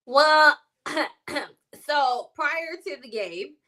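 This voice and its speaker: A woman co-hosting a sports chat show, her voice bright and a little high. She rambles through her points in a relaxed, chatty way and laughs often along the way. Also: extremely slow. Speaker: sports talk show co-host.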